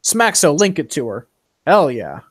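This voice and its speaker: A man's voice: a little high, wildly swooping pitch, unhurried, breathy edge, no room sound, clean studio sound. A young man hosting a casual stream chat, rambling and swearing, with plenty of fillers along the way. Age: young adult. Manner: profane, rambling, full of fillers. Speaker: stream host.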